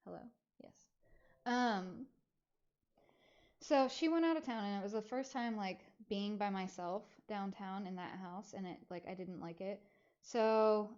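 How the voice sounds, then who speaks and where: A woman streamer casually telling a long personal story, rambling with lots of fillers and an animated retelling. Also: mid-range voice, muffled recording.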